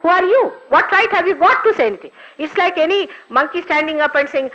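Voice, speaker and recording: Older woman, spiritual teacher, animated pitch, scolding rhetorical questions, dull lo-fi archive recording. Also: fast, hardly any pauses.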